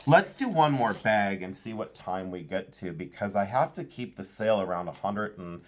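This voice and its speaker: A man's voice: lowish voice, lively intonation, moderate pace, a little hiss or hum. Chatty man sorting jewelry aloud. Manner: enthusiastic, thinks aloud while sorting. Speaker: vintage jewelry seller. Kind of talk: casual unboxing commentary.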